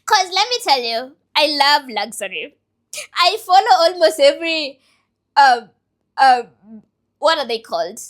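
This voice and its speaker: A young woman in her twenties speaks in a high, bright voice. She rambles through an emotional, self-reflective personal vlog, as if thinking aloud to the camera. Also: animated, unhurried, pauses often. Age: 20s. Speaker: vlogger and business owner.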